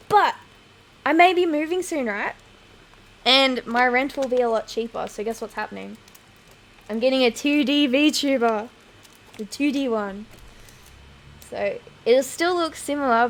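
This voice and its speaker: A woman's voice: fairly high pitch, normal speed, vocal fry. A woman streamer chatting casually over gameplay, laughing often and swearing freely, on a home desk microphone.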